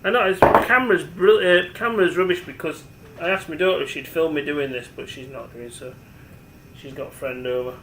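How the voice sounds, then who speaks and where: A man's voice: a little high, a little fast, reverberant, heavy background noise. A man, rambling chattily as he demonstrates cooking at home and talks to the camera. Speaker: home cook. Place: home kitchen.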